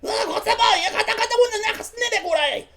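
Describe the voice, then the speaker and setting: A man voicing a big, frustrated male goblin chef who squawks in shrill outbursts. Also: fast talker, sharp tone, full character voice. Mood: squawking.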